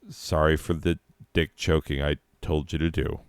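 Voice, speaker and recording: A man narrating a comic story in a deadpan, profane, self-mocking way, breaking off into rants. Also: a bass voice, unhurried, gravelly, smooth, dry recording. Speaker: comedic narrator.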